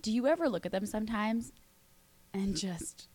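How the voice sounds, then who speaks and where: A woman's voice: medium pitch, animated, slightly rough. A woman hosting a casual interview chat, asking questions and affirming her guest often. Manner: warm affirming interviewer, quick yeahs. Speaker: podcast host.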